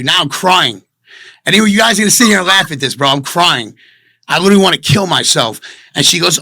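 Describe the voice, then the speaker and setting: Brief: male interviewee, defensive and rambling, fairly high voice, dry close mic. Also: animated, brisk, pushed and bright, dry recording. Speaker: interviewee telling his side of a breakup. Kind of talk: emotional confessional interview.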